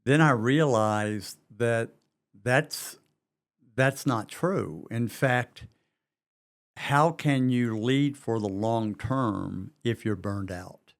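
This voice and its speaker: A middle-aged man with a West Virginia Southern accent, co-hosting a leadership podcast in an earnest, conversational way. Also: mid-range voice. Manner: slow, earnest, repeats words while reasoning.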